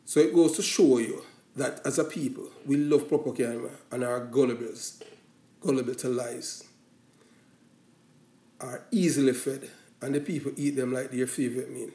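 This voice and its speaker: A man's voice: mid-range voice, steady tone, normal speed, warm tone, roomy sound. A man with a Jamaican accent, giving a casual, rambling opinion monologue that slides between patois and standard English. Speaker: commentator.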